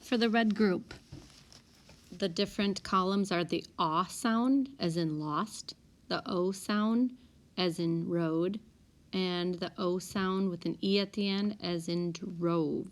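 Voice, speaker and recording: Slow, careful woman teacher. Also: on the low side. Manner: reads word lists slowly and clearly. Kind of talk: recorded spelling lesson. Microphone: tablet.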